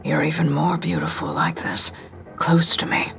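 A menacing, tormented man with a knife, as a woman narrator puts him on, breathless and stuttering. He lurches between hushed whispers and wild shouts in an audio drama, over faint music. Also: lowish voice, expressive, measured pace, vocal fry, heavily acted. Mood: whispering.

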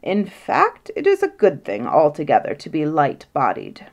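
A grumpy, pompous fairy-tale king who enjoys a quarrel with his queen, read by a woman in a slightly low voice. He blusters and sounds pleased with himself. The storybook telling stays measured. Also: very animated, darkish tone. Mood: blustering. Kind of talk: storybook reading.

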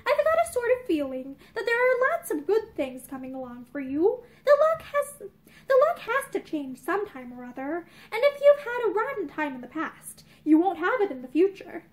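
A woman's voice: extremely high pitch, big pitch swings, moderate pace. A woman voicing a cheerful, earnest well-off young man who is friendly and stammers a little.

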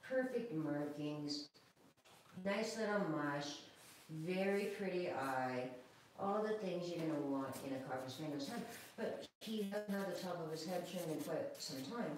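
A woman dog groomer giving a chatty, calm live grooming demonstration, talking now and then to the dog. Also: deep voice, a little slow, far from the mic, slight background noise. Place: grooming room, indoors. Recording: echoey room, away from the mic.

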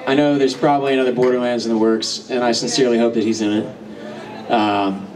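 At a convention panel in a big, crowded hall, a voice actor fields fan questions through a distant mic, speaking fairly quickly in a medium-pitched, slightly mellow voice with fairly even intonation. He laughs a lot, swears freely and jokes as he tells stories.

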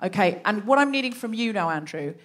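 A woman's voice: medium pitch, animated, brisk. A woman hosting a live comedy podcast, telling a story in a chatty way and laughing often.

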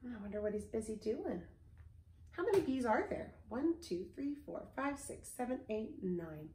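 A woman music teacher leading a children's lesson from home. She reads a story aloud and asks the children gentle questions. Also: on the high side, big pitch swings, normal speed, echoey room, a little hiss or hum.

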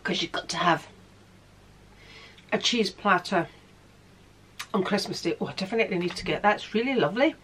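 A woman's voice: medium pitch, lively intonation, a little fast, pauses often, fairly bright tone, a little hiss or hum. A woman vlogging casually to camera in her room at home, chatting, laughing often and sometimes talking with food in her mouth.

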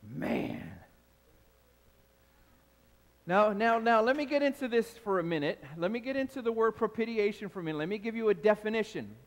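A man preaching a sermon from the pulpit, animated and calling out to his congregation with questions. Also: sits high, in a large hall. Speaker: pastor. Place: large church hall.

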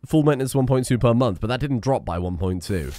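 A young man commenting on a strategy game he is playing, reading the game's text aloud with excitable, wry asides. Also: mid-range voice, fast talker, soft background music. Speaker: gaming video host. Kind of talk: let's play commentary.

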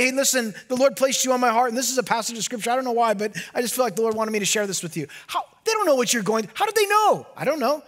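A man preaching a sermon as pastor, animated and often dropping to a hushed low voice for emphasis.

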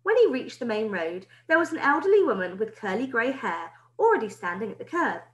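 A woman teacher reads a children's book aloud in an expressive storytelling manner. Her voice is fairly high and lively. The recording has a roomy echo. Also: fairly quick. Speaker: primary school teacher.

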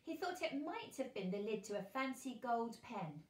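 A woman teacher reading a children's novel aloud, with lively, expressive delivery. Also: a little high, moderate pace, reverberant. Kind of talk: storybook read-aloud for children.

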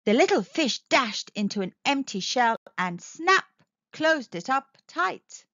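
Storyteller: woman reading aloud to kids, high and very animated, unhurried, dull dry sound. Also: no echo. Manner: expressive, sing-song, speaking to kids. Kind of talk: children's read-aloud narration.

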